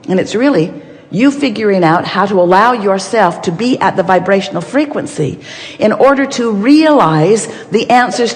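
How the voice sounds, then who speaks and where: A woman giving an inspirational seminar talk, speaking as a collective "we" in an emphatic, playful way. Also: medium pitch. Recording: long reverb of a large hall.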